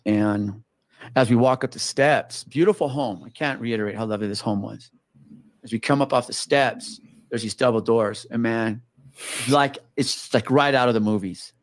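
A man recounting a chilling call from his police days, talking in a loose, animated way with plenty of swearing. He acts out the voices of the people involved. His voice sits at a middle pitch, and the recording is dry and close with no room sound. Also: moderate pace, no echo. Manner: animated, swearing, acts out quotes with gasps and whispers. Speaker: former police officer telling a story. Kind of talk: casual storytelling.

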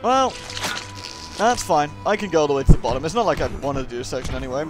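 Excitable, jokey gaming host. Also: male voice, fairly high pitch, fast talker, music in the background. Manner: jokey, excitable, crude humour. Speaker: let's play host. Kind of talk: casual gameplay commentary.

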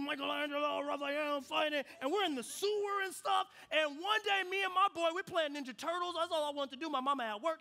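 A young adult man delivers a sermon in a notably high, bright voice. He tells stories with a lively animated sweep, sinking to hushed, reflective moments before climbing back up with energy. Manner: animated storytelling with shifts between quiet and loud. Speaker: pastor.

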